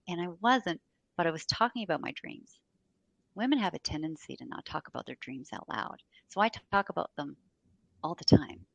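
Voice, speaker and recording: Animated, emphatic low-voiced woman. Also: brisk, no echo. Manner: animated, emphatic, acts out dialogue. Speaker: guest, sales executive. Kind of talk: interview storytelling.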